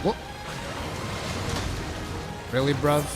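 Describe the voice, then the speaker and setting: A man streaming a hunting game, chatting with teammates and yelling and cursing at monsters as he plays. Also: a little high, extremely slow, music in the background. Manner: excitable, swears and yells at monsters; loose storytelling to teammates. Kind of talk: casual gameplay commentary.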